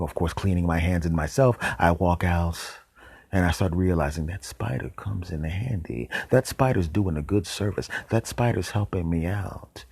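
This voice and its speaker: A man with a deep, husky voice spins an absurd comic tale in a straight-faced monologue. He slips into hushed asides now and then, and the sound is close and dry. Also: no echo. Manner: deadpan tall tales with whispered asides. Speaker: podcast host.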